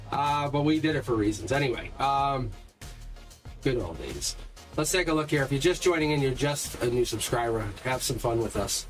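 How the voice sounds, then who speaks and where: A man's voice: medium pitch, lively intonation, moderate pace, pauses often. Chatty man hosting a live tarot stream. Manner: rambling, chatty, self-deprecating with frequent fillers. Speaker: tarot reader hosting a livestream. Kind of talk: casual livestream chat. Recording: music playing clearly behind the voice.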